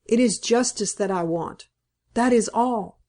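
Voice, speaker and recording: A woman's voice: on the high side, measured pace, mellow, close to an everyday voice. A woman reading the part of a distraught young woman in a storybook, pleading doggedly and insistently.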